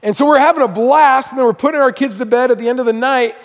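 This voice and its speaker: Middle-aged man, high voice, humorous storytelling preacher, long church reverb. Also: fast. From Southern California. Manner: conversational, humorous, self-deprecating. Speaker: guest speaker, missionary. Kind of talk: storytelling sermon. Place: church auditorium.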